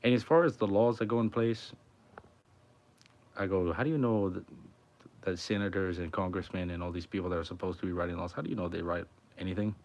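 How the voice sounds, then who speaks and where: A man's voice: sits low, a little fast, pauses often, a little mellow. A man musician chatting casually on a livestream from his home, rambling and swearing a lot. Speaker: musician streamer.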